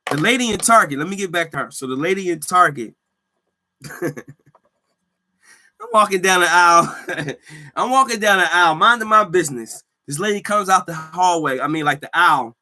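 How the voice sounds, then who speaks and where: Bright-voiced man ranting on a podcast. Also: high voice, moderate pace, long pauses. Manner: animated, laughing, slangy storytelling. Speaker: podcast host; healthcare worker. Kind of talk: casual solo podcast rant.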